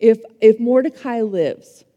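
A woman's voice: fairly high pitch, lively intonation, slow pace, long reverb tail, narrow, tinny audio. A woman voicing a power-hungry, resentful male courtier who grumbles emphatically. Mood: angry.

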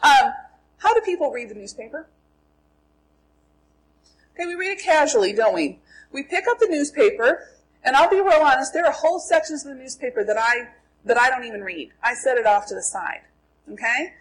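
Middle-aged woman Bible teacher, slightly high and husky, asks questions and answers them herself. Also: animated, a little fast, pauses often, poor audio. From Minnesota, USA. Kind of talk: Bible lesson to a group.

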